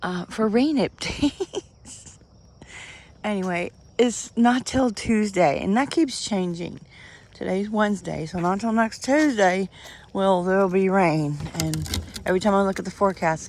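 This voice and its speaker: A woman's voice: mid-range voice, a little slow, slight background noise. A woman, chatting casually and rambling as she does yard work outdoors, holding the camera close to her face. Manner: chatty, rambling, laughs often. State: out of breath at times. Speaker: vlogger. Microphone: handheld camera close to face.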